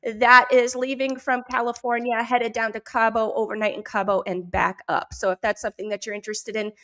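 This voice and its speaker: A woman's voice: a little high, little pitch movement, a little fast, sharp tone. A woman from New Hampshire with a New Hampshire accent, hosting a casual morning chat show, upbeat and laughing easily. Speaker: podcast host.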